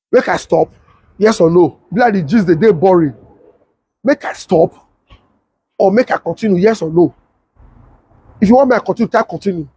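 A middle-aged Nigerian man speaks in a strong Pidgin accent with a high, husky voice. He tells his story casually and with energy, repeating himself and turning to ask his viewers questions. The sound is close and dry. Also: no echo. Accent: Nigerian Pidgin English. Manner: animated, repeats himself, talks straight to viewers. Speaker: political commentator.

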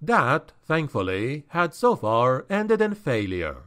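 A male narrator reads a dark fantasy novel in a slow, deliberate tempo. His pitch rises and falls expressively to heighten the drama. His delivery sounds scripted and carefully paced. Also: very animated. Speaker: audiobook narrator.

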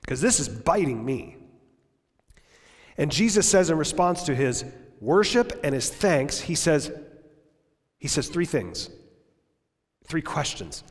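A male pastor preaching a sermon at a church service, impassioned, swinging from loud emphasis down to near-whispers. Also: on the high side, very animated, slow, long pauses, husky, long reverb tail.

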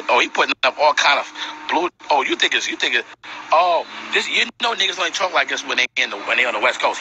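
New guy on a phone livestream, voice jumps way up when he yells, noisy audio. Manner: loud, mock-confrontational, jumps into high shouts, laughs often. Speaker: social media live streamer. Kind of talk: casual live-stream rant.

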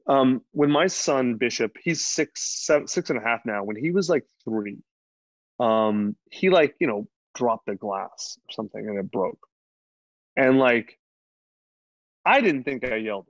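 A man's voice: medium pitch, lively intonation, measured pace, no echo. Candid, swearing man telling a story. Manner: candid, rambling, swears freely, lots of fillers. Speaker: podcast guest. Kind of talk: casual storytelling. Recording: dull dry lo-fi sound.

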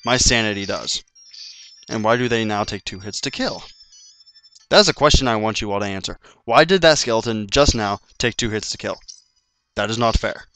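Low-pitched, forceful male let's-play commentator who rants and swears; faint game music under him. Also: animated, normal speed, clean tone. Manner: swearing, frustrated ranting. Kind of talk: gameplay commentary.

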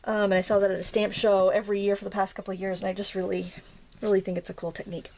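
Her delivery flat and very fast, a woman in a mid-range, darkish voice hosts a craft tutorial amid slight background noise. She chats casually and rambles with fillers and self-corrections, a bit out of breath from pressing stamps.

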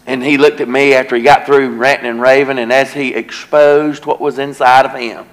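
A man's voice: mid-range voice, little pitch movement, normal speed, low-quality recording. A male evangelist, preaching a revival sermon in a church and telling a folksy story that grows into an earnest warning. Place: church sanctuary.

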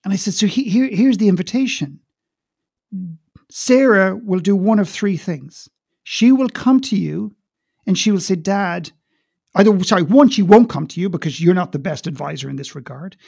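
A man who is a guest speaker and coach, telling a story in conversation in an animated way and repeating words when wound up. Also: high voice, normal speed, creaky, husky, dry recording, studio quality.

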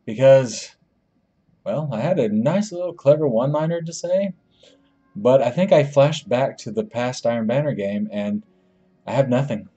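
Jokey, excitable gameplay commentator man. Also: mid-range voice, normal speed, breathy edge, highs cut off, faint music behind. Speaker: gaming channel host.

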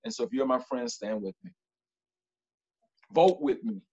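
A man's voice: medium pitch, moderate pace, a little mellow, breathy edge, muffled recording. A man speaking as a panelist on a video call, emphatic and repeating his key lines with a preacher-like rhythm. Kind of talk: panel discussion.

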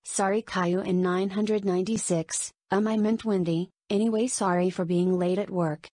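A woman's voice: mid-range voice, steady tone, normal speed, dark tone, dry recording, lightly acted. Casting: woman voicing jittery young coworker, plain read, dry. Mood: nervous.

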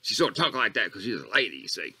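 A man playing Coach Catfish, an eccentric rambling character who drifts off on tangents and jumps between squeaky highs and low mutters. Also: very animated, fast talker, pushed and bright, husky, heavily acted. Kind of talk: comedic character monologue.

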